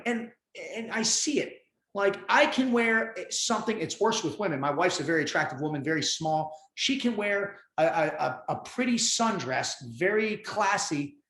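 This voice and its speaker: A man's voice: sits high, a bit bright, reverberant. A man in his fifties speaking as a podcast guest, blunt and emphatic, giving tough-love talk in casual conversation. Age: 50s.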